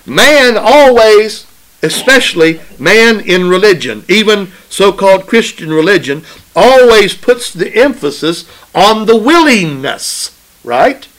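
A man delivering a sermon at a slow, deliberate pace, his voice sitting a little high. He drives points home by repeating phrases and keeps checking in with his listeners in a call-and-response manner. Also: very animated, fairly bright tone, low-quality recording. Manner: call-and-response preaching, asks congregation "right?"; emphatic, repeats phrases for stress. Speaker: preacher.

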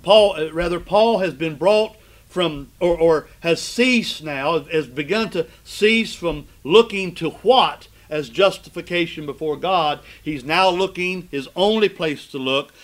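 A male pastor delivers a sermon in a somewhat high voice. He leans hard on repeated phrases and keeps turning to the congregation with "right?". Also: measured pace. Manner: emphatic, repeats and stresses key phrases, asks the congregation "right?".

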